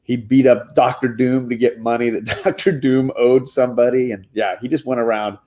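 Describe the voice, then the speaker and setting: A man's voice: medium pitch, steady tone, normal speed, warm tone. A man hosting a casual show reviewing comic books with his kids, talking enthusiastically and often restarting his words. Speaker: comic book show host.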